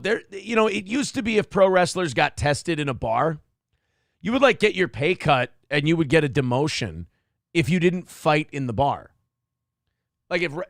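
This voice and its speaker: A man's voice: fairly high pitch, gravelly, no echo, studio quality. A man hosting a morning show, giving crude, mocking commentary over video clips, getting worked up.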